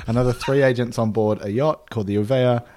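A man's voice: medium pitch, fast, slight background noise. A man, co-hosting a podcast and casually retelling a true story with plenty of fillers. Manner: relaxed, laid-back retelling with frequent fillers. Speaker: podcast co-host.

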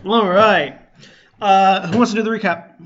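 A high-voiced man opens the session and keeps the table moving, upbeat and teasing in casual chat. The recording is dull and lo-fi. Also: fairly even intonation, moderate pace, slight background noise. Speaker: player and show host. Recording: muffled lo-fi.

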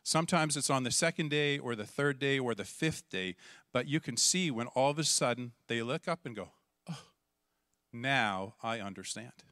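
A middle-aged man from Canada, a pastor telling a lively story in a sermon and acting out the voices in it. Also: mid-range voice, brisk, dry recording, clean studio sound. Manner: animated, acts out voices and shouts in the story.

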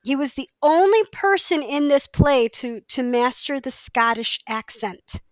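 Woman co-host, casual and eager, higher voice, dry booth sound. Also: animated, a little slow, dry recording. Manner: chatty, enthusiastic, restarts often. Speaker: podcast co-host. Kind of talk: casual chat.

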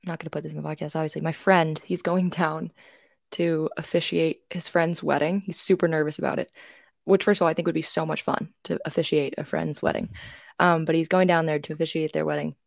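A woman's voice: deep voice, flat delivery, brisk, gravelly, dry recording, clean studio sound. A young woman co-hosting a podcast, telling rambling stories in casual chat with lots of fillers and restarts. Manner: chatty storyteller with many fillers and restarts. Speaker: podcast co-host.

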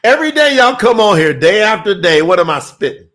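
A man's voice: sits high, expressive, fairly quick, hardly any pauses, fairly bright tone. A man hosting a livestream, teaching on scripture and reading out viewer comments in an emphatic, insistent way. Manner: emphatic, insistent, laughs often.

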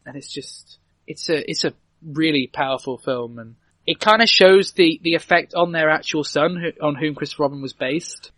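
A man's voice: a little high, normal speed, few pauses, sharp tone, no echo. A man casually recounting a film's story, rambling and correcting himself as he goes. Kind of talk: casual chat.

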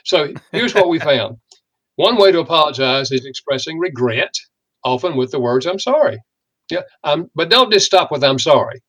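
A man's voice: a little high, lively intonation, moderate pace, fairly bright tone. Older guy, counselor, chatty storyteller, acts out little quotes as he goes. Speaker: marriage counselor and author. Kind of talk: conversational teaching with anecdotes.

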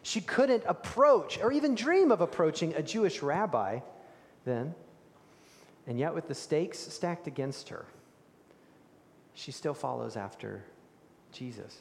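A man preaching a sermon, telling the story with animated emphasis and dropping to hushed tones for key moments. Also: fairly high pitch, a little slow, vocal fry, long pauses, a little hiss or hum. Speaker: pastor. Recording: reverberant hall.

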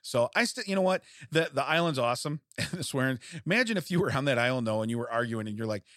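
A man on a podcast bantering loosely with his co-host, laughing often between jokes and trivia. His mid-pitched voice moves lively up and down. The recording is dry and close. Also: fast talker, no echo. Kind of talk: casual comedic banter.

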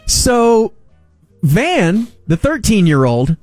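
A man in his forties, a radio host, telling a family story in a lively way and laughing along. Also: high-pitched, very slow, no echo, soft background music. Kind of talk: casual storytelling on a sports talk show.

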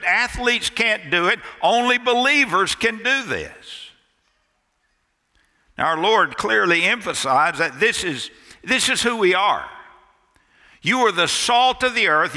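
A man's voice: high-pitched, bright, forceful tone. A man preaching a sermon as pastor, emphatic and repeating key phrases for stress. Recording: long reverb of a church hall.

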